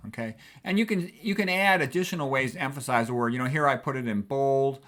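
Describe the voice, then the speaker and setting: Speaking fast with few pauses, this middle-aged writing teacher has a mid-range, slightly bright voice. His lecture is casual and conversational, punctuated often by "okay."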